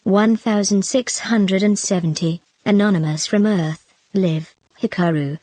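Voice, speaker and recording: A woman narrating a web novel, reading out numbered chat comments in a steady, listing delivery. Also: medium pitch, measured pace, no echo.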